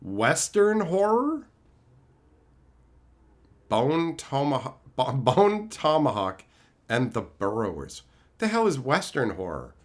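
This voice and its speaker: Here the Canadian streamer talks slowly at a medium pitch that swoops wildly, leaving long pauses between thoughts. He reads chat casually, meeting messages with sarcasm, profanity and fits of exasperation.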